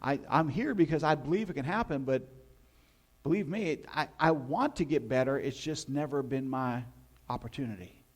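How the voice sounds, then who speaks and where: A man's voice: mid-range voice, moderate pace, lightly acted. A man voicing a long-suffering sick man who has waited years by a pool, speaking in a plaintive, resigned, matter-of-fact way.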